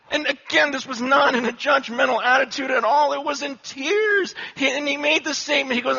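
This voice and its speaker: Impassioned male preacher, bright high voice. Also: a little fast, gravelly, hardly any pauses. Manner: swings from hushed, low storytelling to loud, impassioned preaching. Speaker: pastor. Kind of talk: sermon. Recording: dull lo-fi recording.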